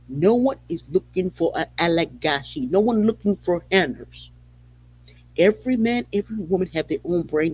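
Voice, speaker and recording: A man's voice: on the high side, slightly rough. A man hosting a podcast, giving emphatic, repetitive spoken commentary in a preaching tone. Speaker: podcast host. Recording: dull lo-fi audio.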